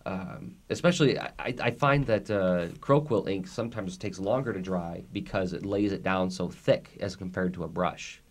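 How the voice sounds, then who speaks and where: Nasal guy hosting a podcast chat, lowish voice, rambles and laughs a lot. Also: moderate pace, few pauses. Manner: chatty, rambling, laughs often. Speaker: podcast host. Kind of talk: casual chat.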